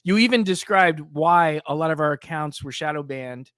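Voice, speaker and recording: A man's voice: a little high, normal speed, fairly bright tone, no room sound, clean studio sound. A man on a panel chat who talks enthusiastically and heaps on praise. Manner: enthusiastic, effusive.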